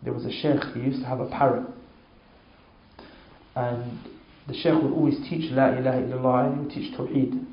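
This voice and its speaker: A man's voice: level tone, normal speed, long pauses. Emphatic man giving a religious talk. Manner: emphatic, repeats oaths, storytelling. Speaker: Islamic speaker. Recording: echoey, dull low-fi sound.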